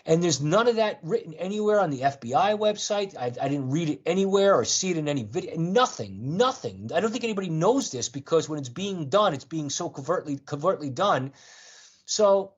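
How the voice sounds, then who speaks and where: A man's voice: on the high side, animated, a little fast, breathy edge, muffled recording. A middle-aged man on a call-in show, telling a long personal story in an earnest, rambling way full of restarts and fillers. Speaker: call-in guest. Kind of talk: storytelling in conversation.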